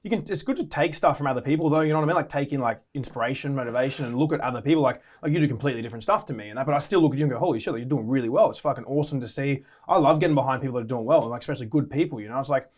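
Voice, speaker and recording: Rapid-fire Australian guy in a podcast chat. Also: medium pitch, a little mellow. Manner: rapid, swearing, lots of "like" and "you know". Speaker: podcast guest.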